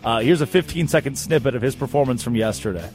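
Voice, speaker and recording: A man hosting a casual sports talk show, telling stories in an animated, joking way. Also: medium pitch, quick pace, faint music behind. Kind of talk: casual comedic chat.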